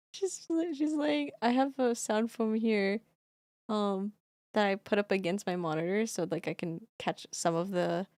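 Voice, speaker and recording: A woman streamer talks to her cat in soft, affectionate baby talk and drops the odd swear word. Her delivery is slow and unhurried with a gravelly fry. The sound is dry and close, from a desk mic in a home setup with sound foam. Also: mid-range voice, dry recording. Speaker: streamer and singer. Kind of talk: casual live-stream chat.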